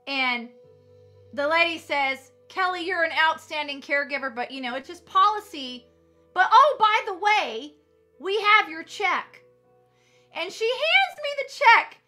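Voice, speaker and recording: A woman with a very high-pitched, pushed, bright voice shares a personal faith testimony as a ministry leader speaking to her viewers. Her sermon-style storytelling is fervent and emphatic.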